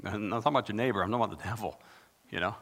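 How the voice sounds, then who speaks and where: A man's voice: lowish voice, rapid-fire, gravelly, slightly rough. Man preaching in a reverberant hall. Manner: dramatic, conversational preaching with sudden loud emphasis. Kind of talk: sermon. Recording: long reverb of a large hall.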